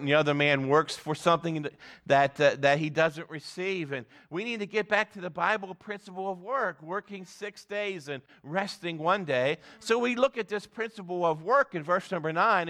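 A man's voice: a little high, fairly bright tone. A man preaching an earnest, emphatic sermon as pastor in a church.

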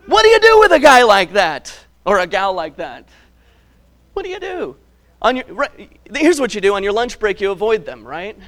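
A man's voice: high voice, fairly bright tone. A male preacher giving a sermon in an emphatic, conversational way, stacking words for emphasis and chuckling at himself.

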